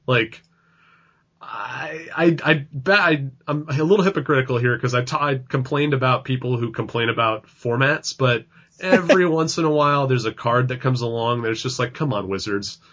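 Husky man chatting on a lo-fi podcast. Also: medium pitch, moderate pace, a bit bright. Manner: loose, filler-heavy talk with frequent "like". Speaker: podcast co-host. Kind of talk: casual podcast chat. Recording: dull lo-fi sound.

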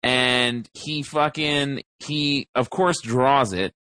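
A man's voice: medium pitch, steady tone, slow pace, bright, forceful tone, clean tone, no echo. A man co-hosting a podcast, rambling through a story with many fillers and restarts. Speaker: podcast co-host. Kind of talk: casual chat.

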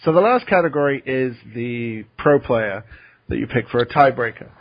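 A man's voice: mid-range voice, expressive, moderate pace, a crowd in the background. A man hosting a podcast in casual chat, easygoing as he steers the segment. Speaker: podcast host. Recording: dull muffled call audio.

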